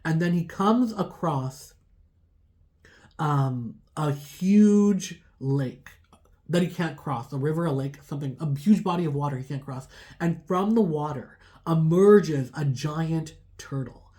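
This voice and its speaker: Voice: mid-range voice, slow, warm tone. A tarot reader telling a folk tale in a chatty, casual way, full of fillers. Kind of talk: casual storytelling.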